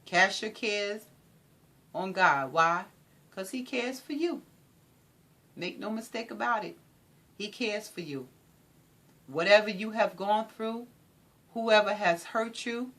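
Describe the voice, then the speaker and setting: A woman giving an inspirational talk in an animated, preacherly way, repeating phrases for emphasis. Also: mid-range voice, takes it slowly, pauses often. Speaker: motivational speaker.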